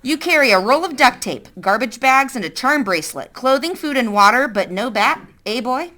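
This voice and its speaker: A woman reading aloud as a tough, wry middle-aged woman with a wooden leg who fires pointed, teasing questions. The delivery is bright and lively, rising and falling as she presses for answers in a storybook reading. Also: on the high side, moderate pace. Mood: probing. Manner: sardonic, interrogating.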